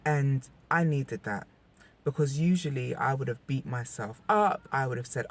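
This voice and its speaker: A woman's voice: very deep voice, expressive, normal speed, a little hiss or hum. Candid young woman vlogging about her feelings. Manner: candid, emotional, rambling with restarts. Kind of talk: personal vlog talk.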